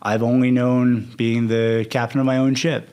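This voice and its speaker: A man's voice: medium pitch, level tone, normal speed, a little mellow, clear, resonant tone. A young man, a coach and podcast guest, talking candidly and acting out quoted conversations. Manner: candid, storytelling, acts out quotes. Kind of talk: casual interview talk.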